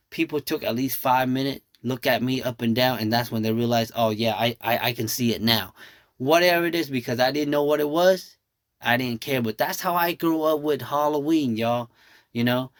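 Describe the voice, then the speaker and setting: In this dry studio recording with no echo, a man with a mid-range voice runs a casual nail tutorial, telling stories along the way. He's a nail artist in his thirties who speaks Thai as his first language, and he refers to his viewers as "y'all."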